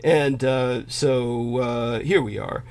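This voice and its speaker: A man hosting a livestream discussion, who talks haltingly with many filler sounds and says he is losing his voice. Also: mid-range voice, fairly even intonation, a little mellow. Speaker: livestream host.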